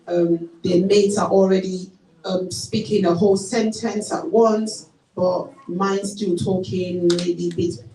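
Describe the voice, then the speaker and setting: A woman with a Nigerian accent speaking at a parenting seminar. She tells stories in an animated way and acts out the parents' voices. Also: fairly low pitch. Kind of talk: seminar talk with anecdotes. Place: church hall. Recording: echoey hall, mic from a distance.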